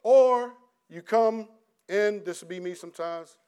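Brief: middle-aged man, preacher, high-pitched, casual sermon, restarts, rises loud then drops to a hush. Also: a little slow, smooth. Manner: animated, many restarts, swings between loud and hushed. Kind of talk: conversational sermon.

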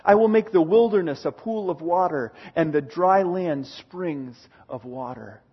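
A man preaching a sermon, reading scripture aloud with dramatic swings between booming declarations and hushed lines. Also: unhurried, breathy edge, lo-fi sound.

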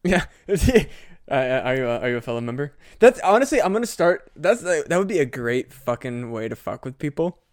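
A man's voice: medium pitch, lively intonation, a little fast, no echo, studio quality. A man co-hosting a comedy podcast who laughs easily and riffs along on his partner's jokes in casual chat.

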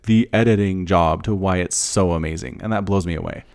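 A man with a somewhat low voice in casual conversation with friends. He talks in long, winding stories and keeps adding enthusiastic asides. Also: brisk, a little mellow. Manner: rambling storyteller, enthusiastic asides. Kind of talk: casual chat.

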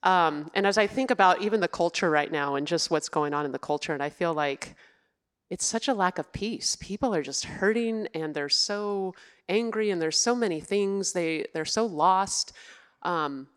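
A woman's voice: lowish voice, moderate pace, smooth. A woman who serves in family ministry and raises two kids, sharing her faith story in an earnest, reflective way during a church interview. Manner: earnest, reflective, with soft laughs.

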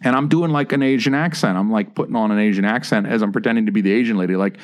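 A man's voice: lowish voice, rapid-fire, few pauses. A man hosting a casual podcast chat, rambling through stories with lots of filler words. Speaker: podcast host.

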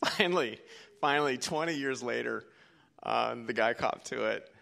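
A middle-aged man preaching a sermon as pastor, telling stories and swinging from hushed to forceful. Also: mid-range voice, normal speed, creaky. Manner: storytelling, quoting others, swings from hushed to forceful.

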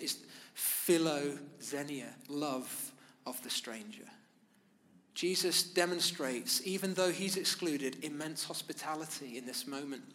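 A man preaching a sermon, speaking in measured, emphatic phrases with pauses. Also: a little high, a bit bright. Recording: long reverb of a large hall.

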